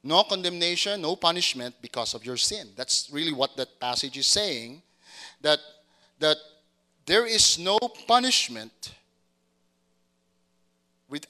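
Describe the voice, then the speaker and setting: Bright-voiced man preaching a sermon. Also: a little high. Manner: repeats words and restarts, asks congregation to confirm. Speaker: pastor.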